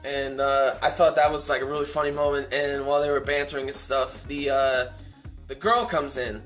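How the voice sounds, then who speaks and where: A man's voice: mid-range voice, fairly even intonation, normal speed, fairly bright tone, soft background music. A man giving a casual, enthusiastic recap of an anime episode, rambling with lots of fillers and restarts. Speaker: anime reviewer.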